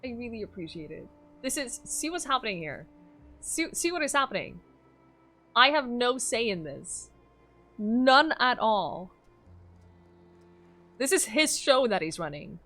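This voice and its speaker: Woman streamer, giggly, coos at her dog, bouncy high voice. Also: sing-song, measured pace, pauses often, bright, forceful tone, faint music behind. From Norway. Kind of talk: casual live game stream chat.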